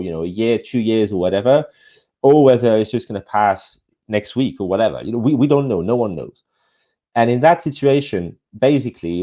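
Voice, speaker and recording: A man's voice: lowish voice, warm tone. A man with a French accent giving an ecommerce summit presentation, peppered with fillers, restarts and swearing. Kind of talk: conference presentation. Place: online summit talk, remote.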